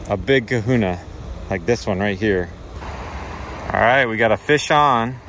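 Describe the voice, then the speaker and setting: A man's voice: lowish voice, fairly bright tone, slight background noise. A middle-aged man filming a casual outdoor vlog by a river, cheerfully coaching a child through fishing, recorded on a handheld camera. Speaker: vlogger. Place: outdoors by a river in cold weather.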